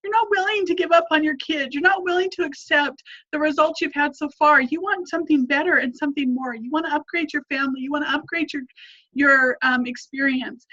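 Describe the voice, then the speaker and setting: A woman's voice: sits high, fairly quick, pushed and bright, lo-fi sound. A woman family coach giving an earnest, encouraging lesson, repeating her points for emphasis.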